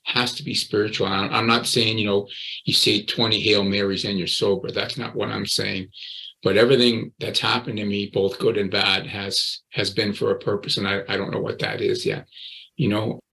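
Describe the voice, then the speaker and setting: Man in his sixties, forceful tone, gravelly texture, earnest interview guest. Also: lowish voice, little pitch movement, moderate pace, low-quality recording. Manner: earnest, repeats words and phrases. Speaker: guest, recovery coach. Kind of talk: personal storytelling interview.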